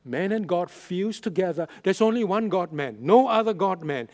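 A male pastor preaching a sermon, stressing and repeating key phrases, his loudness rising and falling for emphasis. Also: sits high, lively intonation, moderate pace.

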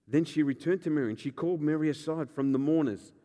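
A man, a pastor preaching a sermon with animated, joking storytelling and acted-out voices. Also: a little high, long reverb tail.

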